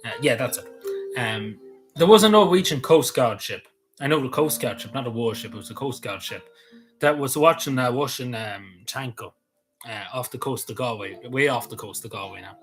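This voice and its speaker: A man's voice: mid-range voice, fairly bright tone, low-quality recording. A man with an Irish accent vlogging in a casual, rambling way, full of ums, restarts and offhand swearing.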